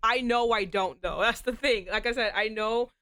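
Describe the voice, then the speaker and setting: A woman streamer chatting casually to her viewers while getting over a cold, with a slight rasp in her throat, giggly and chatty with sudden animated outbursts. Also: fairly high pitch, normal speed, no echo. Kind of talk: casual live-stream chat.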